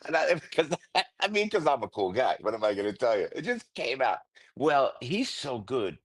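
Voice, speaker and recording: An older radio host, a man, telling a story as a guest in an excitable, rambling way, full of restarts and stammers. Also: mid-range voice, normal speed. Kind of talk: phone-in radio interview, storytelling.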